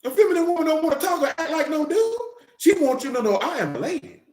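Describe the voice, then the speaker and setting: A man's voice: very high voice, lively intonation, quick pace, darkish tone. A man preaching in a casual, blunt way, with profanity and jokes mixed into his teaching. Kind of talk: casual sermon-style teaching. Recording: roomy echo.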